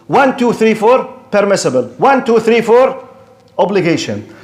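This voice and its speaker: A man lectures in English on religion, his voice sitting a little high for a man. He argues with lively rhetoric, firing questions and answering imagined objectors himself. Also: moderate pace. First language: Arabic. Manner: animated, rhetorical, mock-debates imagined objectors. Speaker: Islamic lecturer.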